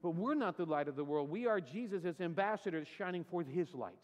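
A man's voice: high-pitched, brisk, long reverb tail, muffled recording. A man preaching a sermon as pastor, telling a humorous story and acting out the voices in it, then turning to scripture. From California. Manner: animated storyteller, acts out quotes, self-deprecating humor. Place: church sanctuary.

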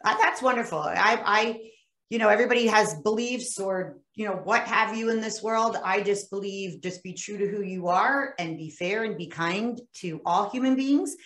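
A woman's voice: mid-range voice, moderate pace, fairly bright tone. Friendly host woman in an echoey room. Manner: friendly, searching for words, repeating herself. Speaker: podcast host. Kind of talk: casual interview conversation. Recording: roomy echo.

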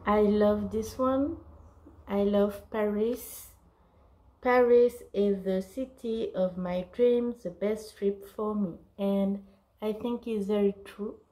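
Slow, halting woman with a mellow voice. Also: mid-range voice, steady tone, rough recording. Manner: halting, searching for words; apologetic. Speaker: vlogger. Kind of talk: casual haul video.

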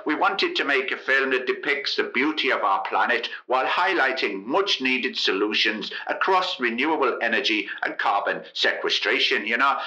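A spoof film star on an eco crusade, as a man puts him on for a comedy podcast sketch. He speaks with an earnest, promotional sincerity. The tone is very bright and sharp. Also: mid-range voice, muffled recording. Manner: earnest promotional speech, then sheepish. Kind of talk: comic sketch impression.

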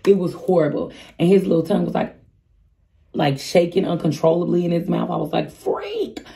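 A woman's voice: lowish voice, fairly even intonation, brisk, creaky, warm tone. A woman in her thirties telling a storytime vlog in casual chat, candid and chatty, speaking straight to her viewers. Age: 30s. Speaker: vlogger.

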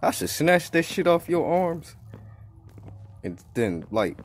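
A man giving casual let's-play commentary, profane and excitable, trash-talking as he plays. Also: fairly high pitch, slow. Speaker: gaming YouTuber. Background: game music.

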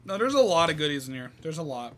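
A man's voice: a little high, very animated, fast talker, noisy background. A man streaming a game, chatting casually, thinking aloud and greeting viewers by name. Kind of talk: casual live-stream commentary.

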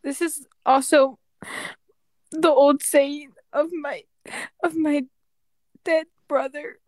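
A woman's voice: sits high, fairly even intonation, slow pace, darkish tone, dry recording, clean studio sound, pitched above the performer's own voice. Woman doing a weepy, whispery customer.

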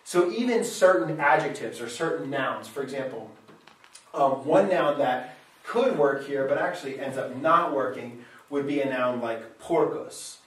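A man's voice: medium pitch, a little slow. Echoey, far-miked male Latin teacher. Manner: lively, thinks aloud and corrects himself. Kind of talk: classroom lecture. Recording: very echoey room, mic far off.

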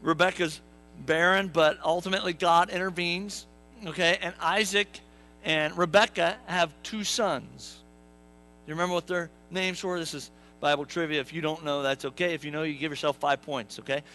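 A man's voice: on the high side, steady tone, moderate pace, pushed and bright, faint music behind, low-quality recording. A male pastor preaching a sermon in a church, conversational and joking, talking to the congregation and acting out quotes in playful voices. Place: church sanctuary.

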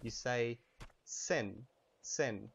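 A man giving a casual language lesson while playing a video game, saying example phrases slowly and making quick offhand asides. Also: mid-range voice, creaky, fairly bright tone, breathy edge. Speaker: language teacher and gamer. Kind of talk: casual lesson over gameplay.

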